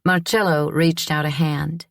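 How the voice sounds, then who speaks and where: A woman reads a first-person audiobook in a measured, reflective way. Her voice sits low for a woman, and the recording is dry and close with no room sound. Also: level tone, no echo. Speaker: audiobook narrator. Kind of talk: scripted first-person narration.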